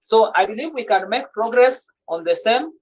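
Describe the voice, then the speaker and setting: A woman's voice: a little high, expressive, moderate pace, a little mellow. A woman teaching a French grammar lesson in an online class, often repeating and restarting her words. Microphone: video call. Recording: dull lo-fi video call audio.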